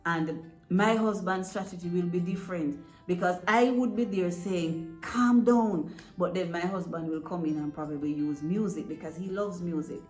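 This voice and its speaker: A woman's voice: on the low side, fairly even intonation, normal speed, a little mellow. A woman giving earnest, direct advice to parents, often checking in with "right?". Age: adult parent. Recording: echoey room with faint music.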